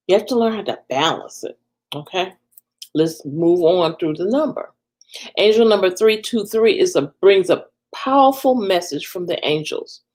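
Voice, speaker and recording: A woman giving spiritual guidance on a live stream, ending her phrases with a soft "okay?". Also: on the low side.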